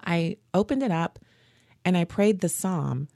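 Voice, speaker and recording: A woman hosting a faith podcast, telling stories in an animated, earnest way. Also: on the low side, unhurried, creaky, no echo, studio quality. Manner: animated, earnest storytelling with laughs. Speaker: podcast host. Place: home studio.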